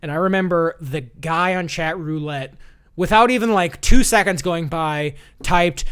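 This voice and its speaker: A man's voice: on the high side, unhurried, a bit bright, clean tone. A young man hosting a live-streamed comedy show, rambling with lots of fillers and reading out chat messages. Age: young adult. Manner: rambling, filler-heavy, upbeat. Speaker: host.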